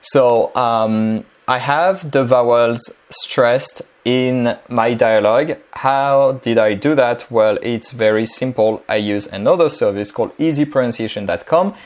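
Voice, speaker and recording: A man's voice: mid-range voice, unhurried, few pauses. Man explaining a tutorial. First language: French. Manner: relaxed, chatty explaining with frequent um and uh. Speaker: language-learning tutor. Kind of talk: casual screen-share tutorial.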